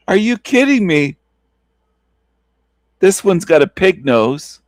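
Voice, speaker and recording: Stream host, laughing scornful reaction, high lively voice, dry close sound. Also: male voice, takes it slowly, no echo. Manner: mocking, incredulous, laughs often. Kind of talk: casual reaction commentary.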